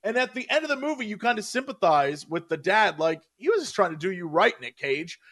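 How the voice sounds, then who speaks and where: A man's voice: high-pitched, sing-song, brisk, fairly bright tone. A man co-hosting a casual podcast chat, rambling and searching for his words with lots of fillers. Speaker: podcast co-host.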